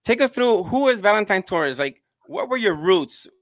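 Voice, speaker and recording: A man's voice: high-pitched, animated, moderate pace, no echo. A man hosting a conversational interview, chatty, leading his guest with questions and restarts. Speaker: interviewer host.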